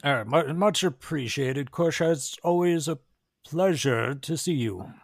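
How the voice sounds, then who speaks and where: A man's voice: a little high, slow pace, creaky, no room sound, studio quality, full character voice. A man voicing a formal, patronizing male vampire doctor in a tabletop game. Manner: prim, polite, patronizing.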